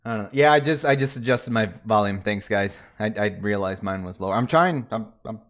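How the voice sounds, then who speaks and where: A man's voice: fairly low pitch, a little fast. A man hosting a casual livestream chat with friends, joking around and often trailing off into mumbles. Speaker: stream host.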